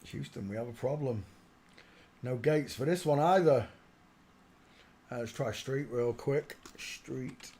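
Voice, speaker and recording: A man hosting a casual livestream, commenting while he searches through images, often muttering quietly to himself and breaking into loud laughing outbursts. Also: mid-range voice, takes it slowly, long pauses, a little hiss or hum. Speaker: livestream host.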